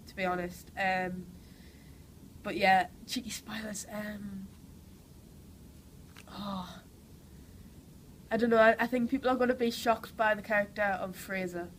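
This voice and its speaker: A woman's voice: mid-range voice, steady tone, unhurried, pauses often, low-quality recording. Young woman, Geordie accent, has a cold, chatty and enthusiastic, faint background noise. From Newcastle, England. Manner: chatty and enthusiastic, many "like" and "you know" fillers. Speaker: actress interviewee. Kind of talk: casual interview answers.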